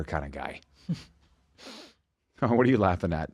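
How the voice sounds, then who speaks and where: A man co-hosting a casual sports podcast, chatting and telling stories in an animated way. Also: on the low side, normal speed, dry recording, studio quality. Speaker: podcast co-host.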